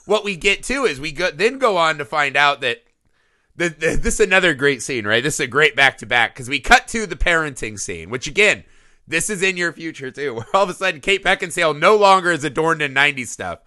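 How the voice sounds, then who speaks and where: A man in his thirties, co-hosting a casual movie review podcast, animated and profane, laughing often. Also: a little high, a little fast. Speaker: podcast co-host.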